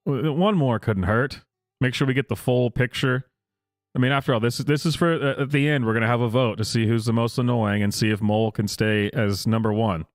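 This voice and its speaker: A man hosting casual reaction commentary, incredulous and halting, often breaking into laughter. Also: medium pitch, fairly even intonation, no echo, clean studio sound. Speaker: host.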